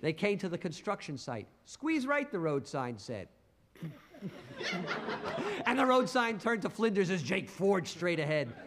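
A man's voice: high voice, sing-song, moderate pace, hardly any pauses, in a large hall, background noise. A man telling a rhyming story in a rhythmic, punchy spoken-word recitation.

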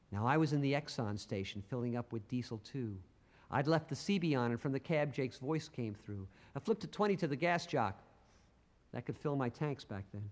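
A man's voice: fairly high pitch, expressive, moderate pace, long reverb tail. A man telling a rhyming story in a rhythmic, punchy spoken-word recitation.

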